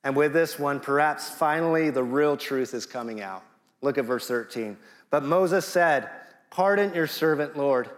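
A man's voice: mid-range voice, moderate pace, long reverb tail. A middle-aged man preaching a sermon in a conversational way, dropping jokey asides. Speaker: guest preacher.

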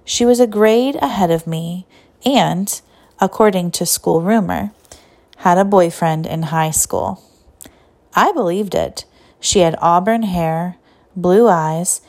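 A woman's voice: fairly low pitch, a little mellow. Woman reading a story aloud. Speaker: audiobook narrator. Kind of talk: scripted storybook narration.

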